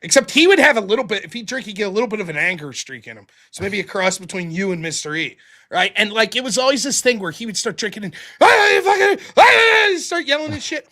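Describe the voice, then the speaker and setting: A man from the United States hosts a casual live stream, reading donations aloud and telling stories. He's excitable, breaking into sudden loud bursts between mumbled asides. His voice sits high and he talks fast.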